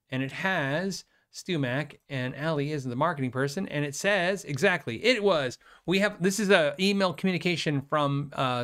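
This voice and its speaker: A man hosting a live guitar show, chatting casually and rambling, with fillers and quick self-deprecating laughs. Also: mid-range voice, a bit bright. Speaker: host of a guitar livestream. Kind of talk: casual live chat reading viewer questions.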